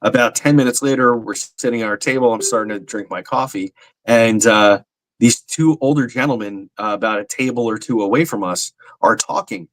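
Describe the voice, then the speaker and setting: A man's voice: mid-range voice, brisk, a bit bright, dry recording. A man co-hosting a podcast, telling a rambling anecdote with lots of fillers. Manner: rambling, self-deprecating, many fillers. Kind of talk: casual chat, anecdote.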